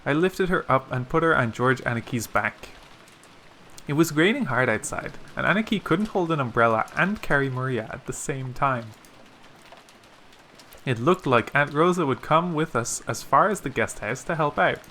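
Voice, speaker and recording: A man narrating a visual novel aloud in a steady storytelling manner. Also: mid-range voice, moderate pace, a little hiss or hum. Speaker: let's play narrator.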